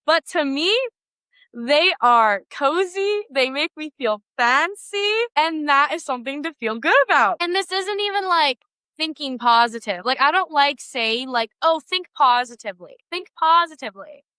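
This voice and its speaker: A woman's voice: sits high, expressive, measured pace, bright, forceful tone, no room sound. A young woman hosting a solo podcast in a casual, bubbly, gushing way with lots of filler words. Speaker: podcast host.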